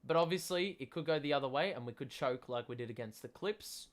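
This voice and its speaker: A young man hosting a live basketball watchalong stream, chatting with viewers and calling plays, getting loud and excited on big moments. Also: mid-range voice, brisk. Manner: chatty, self-deprecating. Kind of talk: live casual commentary, reading chat.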